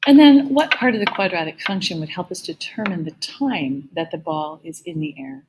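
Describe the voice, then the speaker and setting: A woman math teacher giving a recorded lecture with a slightly gravelly voice, explaining each step patiently. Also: on the low side, animated, moderate pace, background noise.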